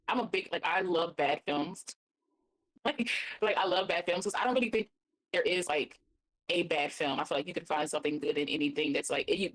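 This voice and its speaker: A woman who is a guest reviewer chats casually and bubbles along, saying "like" often. Her voice is on the low side for a woman. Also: rough recording. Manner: bubbly, heavy use of "like". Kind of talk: casual chat.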